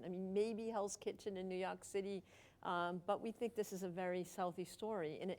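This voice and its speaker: A woman, an author answering a question at a book talk, explaining in a measured way with a few stumbles. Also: medium pitch. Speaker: author and journalist.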